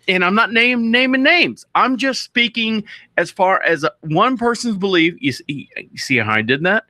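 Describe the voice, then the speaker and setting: Male talk-show host, bright tense voice, rambling self-interrupting monologue. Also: high-pitched, no echo. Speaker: podcast host. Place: radio studio.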